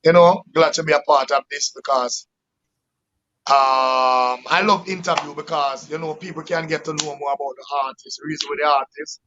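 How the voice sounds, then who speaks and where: Male guest artist, thankful and rambling, slightly high pitch, lo-fi audio. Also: steady tone, normal speed, sharp tone, slight background noise. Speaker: guest musician. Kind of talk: interview answers. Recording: dull lo-fi sound.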